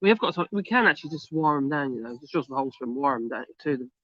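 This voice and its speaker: A man's voice: medium pitch, expressive, racing, no room sound, highs cut off. A man co-hosting a casual livestream, chatty and practical, laughing often. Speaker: livestream co-host.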